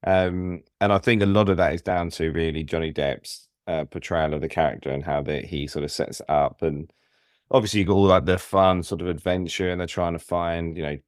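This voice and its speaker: A man with a very deep voice talks in a relaxed, easygoing way, filling in with frequent agreement. The recording is dry with no room sound. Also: a little fast, clean tone, no echo. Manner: easygoing, says "yeah" a lot. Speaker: podcast co-host. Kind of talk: casual film discussion.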